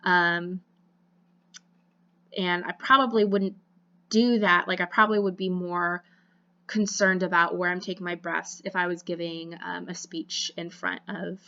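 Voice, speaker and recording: Casting: young woman instructor, bright tone with a gravelly edge, relaxed rambling lecture, slightly muffled lo-fi audio. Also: fairly low pitch, measured pace. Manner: casual, chatty, many fillers and self-corrections. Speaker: college voice and diction instructor. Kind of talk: recorded online lecture.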